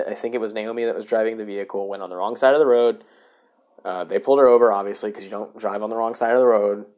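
A man's voice: on the low side, darkish tone. A man hosting a casual solo podcast, rambling, swearing and correcting himself as he goes. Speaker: podcast host.

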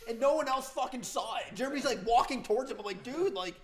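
Fast, high-voiced young man. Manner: quick, animated retelling. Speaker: friend telling a story. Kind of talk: casual storytelling among friends.

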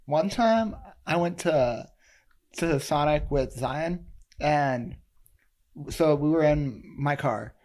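A man with a slightly higher voice tells a funny story in a relaxed podcast chat. He laughs often and slips into the voices of the people he describes. The talk is loose and casual. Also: takes it slowly. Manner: laughs often while telling a story, acts out voices in quotes.

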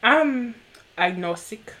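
A woman's voice: on the high side, expressive, slow pace, fairly bright tone. Giggly rambling young woman. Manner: giggly, rambling, self-teasing. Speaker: podcast co-host. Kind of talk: casual chat.

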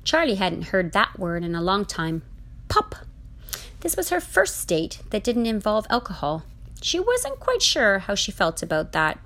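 A woman narrating a comic short story in a deadpan, unhurried way. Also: medium pitch.

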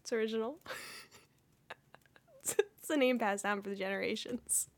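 A woman's voice: fairly high pitch, moderate pace. A young woman hosting a podcast in casual chat, giggly and self-deprecating, with lots of fillers. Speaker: podcast host.

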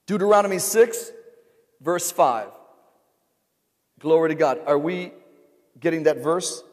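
Man, pastor, slow call-and-response sermon, long hall reverb. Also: a little high, lively intonation. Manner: call-and-response preaching, repeated rhetorical questions to the congregation. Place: large church sanctuary.

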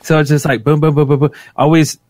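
A man co-hosting a podcast in casual chat, animated and laughing often. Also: fast, dry recording. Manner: animated, laughs often, sound effects like "boom". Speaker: podcast co-host.

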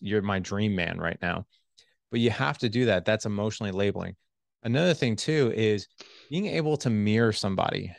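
A middle-aged relationship coach on a podcast interview animatedly explains communication skills, acting out voices of his wife and himself as he gives advice. His voice is lowish and gravelly, recorded in studio quality with no echo.

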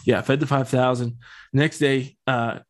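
A young man hosting a relaxed podcast, talking through scripture with slang, jokes and plenty of "um" and "like." His voice sits at an ordinary middle pitch for a man. He keeps the tone loose and conversational. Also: a little slow. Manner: slangy, joking, loose with fillers. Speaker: podcast host. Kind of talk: casual scripture talk.

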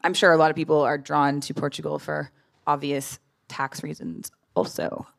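A woman's voice: sits low, fairly even intonation, moderate pace, gravelly. A woman moderating a panel in a chatty, casual way, introducing the next speaker. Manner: chatty, rambling, hands over to speakers.

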